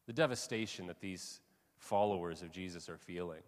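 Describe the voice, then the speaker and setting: A man preaching a sermon, reading a story aloud and telling it with lively, casual asides. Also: low voice, moderate pace. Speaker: pastor. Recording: long reverb of a large hall.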